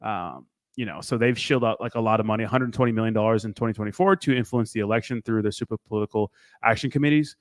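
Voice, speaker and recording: A man's voice: lowish voice, fast, no echo, clean studio sound. A young man co-hosting a casual crypto livestream, laid-back and slangy, laughing easily. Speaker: crypto show co-host.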